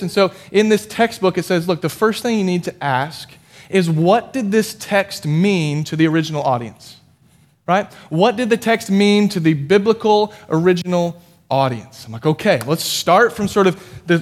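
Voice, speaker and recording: A man delivers a sermon to his congregation in a relaxed, talkative way. His voice sits a little high for a man. He jokes at his own expense and often restarts his sentences. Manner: conversational, self-deprecating, with frequent restarts. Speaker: pastor.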